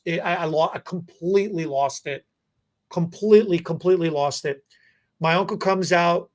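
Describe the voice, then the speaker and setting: A man in his forties, a hairstylist hosting a podcast, telling a story in a halting, emotional way with many restarts. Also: on the high side. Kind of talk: casual storytelling.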